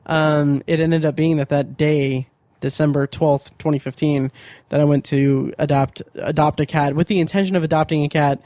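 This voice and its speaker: A man's voice: fairly high pitch, steady tone, normal speed, hardly any pauses, warm tone, dry recording. A man co-hosting a podcast, chatting casually, rambling and joking with lots of fillers and restarts. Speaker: podcast co-host.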